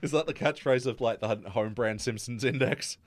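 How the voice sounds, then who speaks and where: A man's voice: mid-range voice, moderate pace, dry recording. A man in his thirties hosts a casual podcast chat with friends. He keeps it loose and jokey, laughing often and swearing without a second thought. His mid-range voice sits close and dry, with no room around it. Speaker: podcast host.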